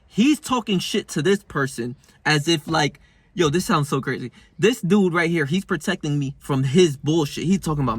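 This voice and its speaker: A young man in his twenties rambles through a casual vlog in slangy, swearing talk. His voice sits a bit high, and the recording is dry and close. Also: expressive, normal speed, a bit bright, slightly rough, no room sound. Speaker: self-help vlogger.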